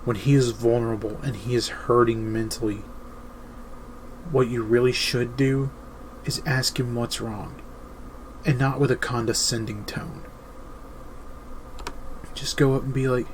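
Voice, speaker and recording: A man hosting his own show, giving earnest, emphatic advice in a deliberate monologue. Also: mid-range voice, steady tone, darkish tone, a little hiss or hum, low-quality recording. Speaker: host.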